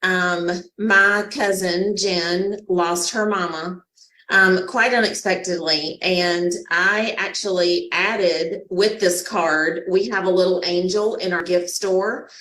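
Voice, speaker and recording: A woman's voice: fairly low pitch, steady tone, slow, fairly bright tone, echoey room, poor audio. A woman in her fifties with a Southern US accent from Georgia, chatting folksily as a guest on a webinar over a video call. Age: 50s. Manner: folksy, uses y'all. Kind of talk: casual chat on a webinar.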